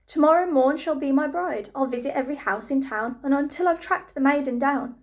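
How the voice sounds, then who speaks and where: A woman voicing a pompous, bloodthirsty young prince, loud and declaiming, in a storybook reading. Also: high-pitched, brisk. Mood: blustering.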